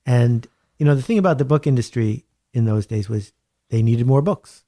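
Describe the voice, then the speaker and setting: Wry, animated man telling stories. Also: mid-range voice, moderate pace. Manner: animated, wry storyteller with emphatic repetition. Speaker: guest author. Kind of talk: conversational interview. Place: home studio.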